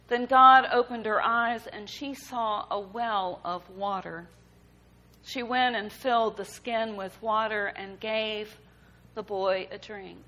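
A woman preaching a sermon, reading scripture and reflecting on it in a measured, emphatic way. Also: medium pitch, fairly even intonation, pushed and bright, poor audio. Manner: slow, deliberate preaching with emphatic rises.

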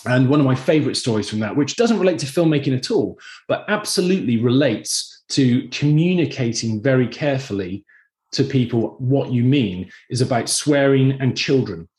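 Animated man telling stories, roomy sound. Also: mid-range voice, moderate pace. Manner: animated storyteller, acts out quoted voices. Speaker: podcast guest, filmmaker. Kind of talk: casual podcast conversation. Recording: roomy echoey room.

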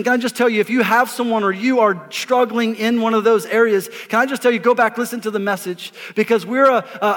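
A man, a pastor preaching an energetic sermon, emphatic and repeating words as he calls on the congregation to answer. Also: high voice. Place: church auditorium before a congregation. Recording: live in a reverberant hall.

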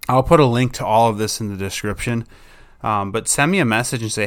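A young adult man who hosts a podcast and trains dogs, talking casually and rambling a bit, sometimes acting out an excited dog. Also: medium pitch, a little fast. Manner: rambling, relaxed, acts out excited dog voices. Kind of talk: casual solo podcast talk.

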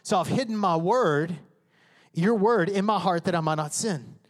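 High-pitched preaching man in a hall. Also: moderate pace. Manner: emphatic preaching, acting out inner voices and prayers. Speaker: pastor. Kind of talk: sermon. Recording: reverberant hall.

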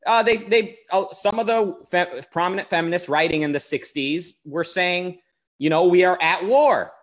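A man with a voice pitched a little above the usual, co-hosting a relaxed philosophical talk show. He thinks aloud in long, winding sentences. He often breaks off, restarts and hedges his own points. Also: normal speed. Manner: discursive, qualifies his statements, frequent restarts. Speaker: co-host. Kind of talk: casual philosophical discussion.

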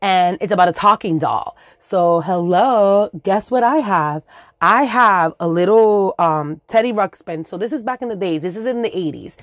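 A woman's voice: mid-range voice, normal speed, no room sound. A woman in her forties from the Dominican Republic, telling a comic story with swearing, sound effects and Spanish words mixed in.

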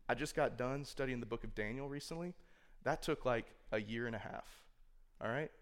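A man at a mid-range pitch gives a laid-back sermon to a youth group. He talks loosely and conversationally, with plenty of "like" and "you know", and now and then acts out what a listener might think. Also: normal speed. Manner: conversational, filler-heavy, acts out imagined inner thoughts. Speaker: youth speaker. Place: room with a live audience.

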